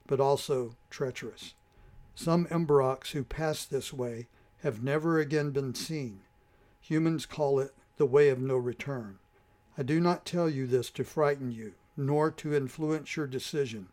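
A man voicing a calm, wise male Emberok guide in a storybook reading, speaking slowly and gravely. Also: medium pitch, lightly acted. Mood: measured. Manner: slow, grave and measured.

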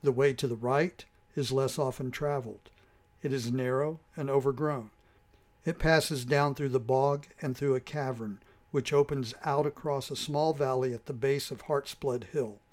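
A man voicing a calm, wise male Emberok guide in a storybook reading, speaking slowly and gravely. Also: medium pitch, lightly acted. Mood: measured. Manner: slow, grave and measured.

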